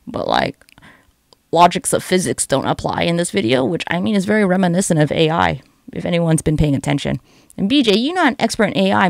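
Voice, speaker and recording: A woman's voice: lowish voice, creaky, dry recording. A young woman giving sarcastic, profane, rambling comedic commentary over online videos.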